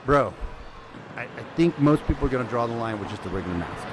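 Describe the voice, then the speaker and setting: A man hosting a casual news commentary stream, sarcastic and animated, swinging between loud remarks and muttered asides. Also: mid-range voice, fast talker, background noise. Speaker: host.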